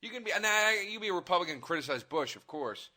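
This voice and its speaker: A man's voice: sits high, animated, racing, pushed and bright. A man, a comedian co-hosting a casual chat, telling profane stories and acting out other people. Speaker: comedian co-host.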